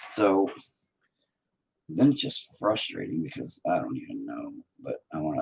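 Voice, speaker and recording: A man's voice: sits low, animated, takes it slowly, creaky, pauses often, darkish tone, husky, rough recording. A man talking casually to his viewers while he paints, cursing constantly and mocking himself as he rants. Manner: profane, ranting, self-mocking. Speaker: painting vlogger.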